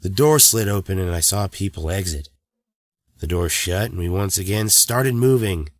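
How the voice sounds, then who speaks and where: A man tells a horror story in the first person, calm and steady. His voice sits very low, and the recording is dry and close, with no room sound. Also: moderate pace, no room sound. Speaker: narrator.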